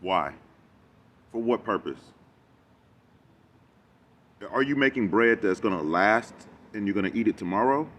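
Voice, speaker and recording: A man giving a rambling, animated reaction commentary, talking back at a video he is watching. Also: fairly low pitch, moderate pace. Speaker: reaction vlogger.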